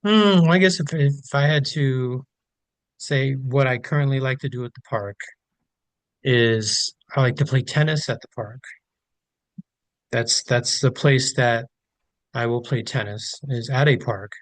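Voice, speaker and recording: A man's voice: mid-range voice, a little slow, no room sound. A middle-aged man co-hosting a podcast, easygoing and a bit hesitant, repeating words as he thinks. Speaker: podcast co-host. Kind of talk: casual chat.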